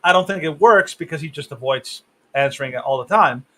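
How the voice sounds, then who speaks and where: A man co-hosting a podcast over a video call, talking politics in a halting, opinionated way. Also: fairly high pitch, fairly bright tone. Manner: halting, many fillers and restarts, opinionated. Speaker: podcast co-host. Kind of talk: casual political discussion.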